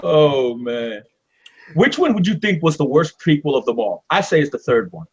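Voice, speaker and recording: A man's voice: a little high, sing-song, moderate pace, darkish tone, husky. A man co-hosting a gaming podcast, joking animatedly and laughing a lot. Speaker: podcast co-host. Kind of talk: casual chat. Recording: dull lo-fi mic with faint hiss.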